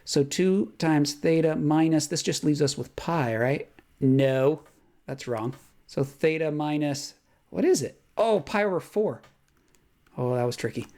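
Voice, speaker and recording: A man teaching a recorded math lesson in a casual way, thinking aloud with fillers and quick self-corrections. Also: on the high side, a little mellow.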